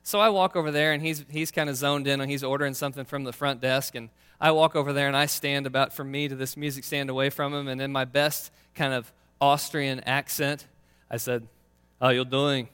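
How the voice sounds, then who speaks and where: A man's voice: medium pitch, little pitch movement, fairly quick, hardly any pauses, a bit bright, clean tone. A man preaching a sermon, telling a personal story in a casual, conversational way. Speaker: pastor. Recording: long reverb of a large hall.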